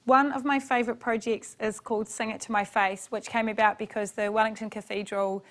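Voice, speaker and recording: Lively New woman, slightly high. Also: fairly quick. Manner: lively, acts out quotes in different voices. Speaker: theatre maker. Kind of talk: interview talk.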